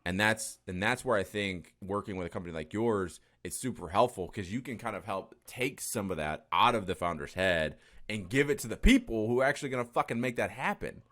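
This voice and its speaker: A lower-pitched man hosting a casual podcast chat. His voice swings widely in pitch as he rambles, laughs and swears offhandedly. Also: lively intonation, brisk, fairly bright tone. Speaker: podcast host. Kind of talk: casual conversational interview.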